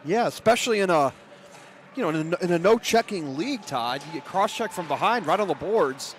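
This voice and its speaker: A man's voice: high-pitched, expressive, fairly quick, a little hiss or hum. A man doing color commentary on a hockey broadcast, chatty and laughing through rambling asides.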